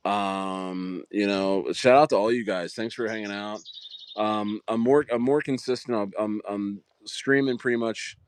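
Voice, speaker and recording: Rambling, low-voiced male streamer. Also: fairly even intonation, unhurried, a little hiss or hum. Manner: rambling, chatty, lots of fillers and restarts. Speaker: livestream host. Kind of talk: casual livestream chat.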